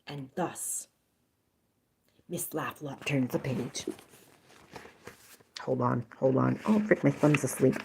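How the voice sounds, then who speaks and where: Her rumbling low, creaky voice moves slowly with frequent pauses over background noise. She's reading a story aloud on a live stream, playfully breaking off for jokes, swearing and asides.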